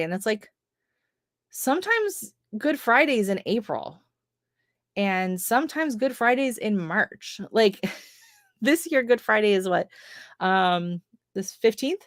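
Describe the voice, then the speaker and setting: A woman's voice: on the high side, lively intonation, a little slow, pauses often, no echo, clean studio sound. A middle-aged Canadian woman with a Canadian accent, hosting a casual gardening livestream and reading out viewer comments, chatty and rambling with frequent laughs and fillers.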